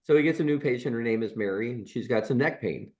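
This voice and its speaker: A man's voice: mid-range voice, fast talker, a little mellow. A man in his sixties, a chiropractor co-hosting a podcast, telling stories in a rambling, casual way with many fillers and restarts. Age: 60s. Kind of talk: casual storytelling chat.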